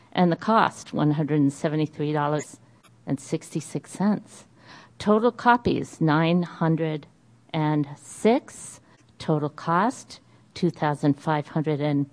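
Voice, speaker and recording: Slow-reading woman with a Boston accent. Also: low voice, darkish tone. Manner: careful, deliberate reading of numbers with small hesitations. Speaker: meeting presenter reading a budget report. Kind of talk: reading figures aloud at a meeting.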